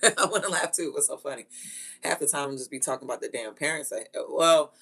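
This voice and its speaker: A woman who is a mother, telling stories in a blunt, profane, animated way and laughing often. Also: low-pitched, fast talker, husky. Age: adult with children. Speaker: vlogger. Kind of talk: casual storytelling rant.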